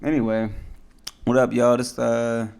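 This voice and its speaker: A young man co-hosting a casual podcast at home, loose and joking, slangy, with a breathy put-on podcast voice. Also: medium pitch, little pitch movement, unhurried, darkish tone. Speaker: podcast co-host. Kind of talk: casual chat. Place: home, at a table.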